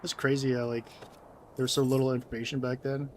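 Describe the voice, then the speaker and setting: A man's voice: mid-range voice, level tone, fast talker, slight background noise, rough recording. A young man giving rambling, casual commentary as he plays and chats with viewers, swearing now and then. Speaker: streamer.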